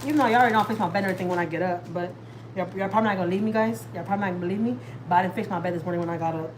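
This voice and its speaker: A woman's voice: lowish voice, very fast, slight background noise, rough recording. A woman, chatting casually and at length with viewers on a live stream from home. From Texas, USA. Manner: chatty and rambling, talks straight to viewers. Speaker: family vlogger hosting a live stream.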